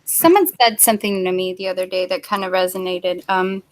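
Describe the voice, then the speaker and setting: A woman's voice: lowish voice, steady tone, a little fast. A woman in casual stream chat, easygoing and chatty.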